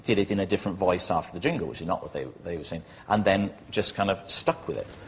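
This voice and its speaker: A man's voice: low-pitched, fast talker, slight background noise. Welsh man, panel show banter, playful mock-indignant, audience murmur behind. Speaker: comedy panel show team member.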